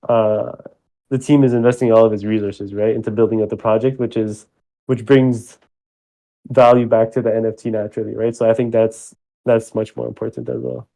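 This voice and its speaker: A man on the project team explains things slowly and hesitantly, leaning on fillers. His voice is mellow and dark, with very little rise and fall. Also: lowish voice, little pitch movement, gravelly, low-quality recording. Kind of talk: casual voice chat.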